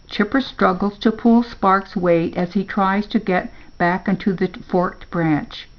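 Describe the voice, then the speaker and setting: An older woman, a grandmother, reading a children's story aloud in a slow, gentle storybook manner. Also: mid-range voice, steady tone, lo-fi sound.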